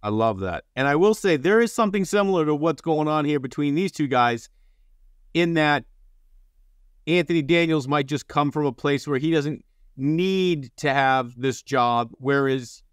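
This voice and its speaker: A man with a fairly high voice chats casually as a podcast co-host. He cuts in often with quick questions, and the sound is dry and close. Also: clear, resonant tone, no echo. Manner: quick interjecting questioner, self-described passive guy. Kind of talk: casual chat.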